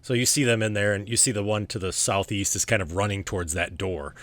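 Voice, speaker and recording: A man narrating as game master in a loose, chatty way, laughing often and dropping into quick character voices. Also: on the low side, fairly even intonation, fairly bright tone, dry recording.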